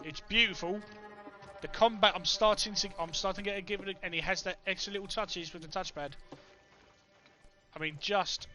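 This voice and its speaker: A young man with a Cockney accent, chatting excitedly to his stream chat while he plays. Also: high-pitched, a little fast, pauses often, soft background music. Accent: London Cockney. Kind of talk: casual let's play commentary.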